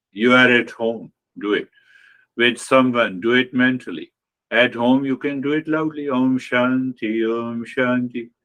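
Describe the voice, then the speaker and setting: Slow-speaking male spiritual teacher. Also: mid-range voice, a bit bright. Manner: unhurried, explanatory, repeats key phrases. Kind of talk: spiritual talk on meditation.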